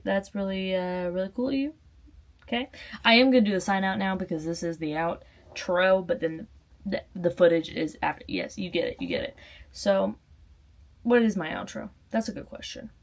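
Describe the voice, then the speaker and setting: A woman's voice: fairly low pitch, a little mellow. A woman, rambling playfully through her vlog outro. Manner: playful, rambling, self-deprecating. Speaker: vlogger.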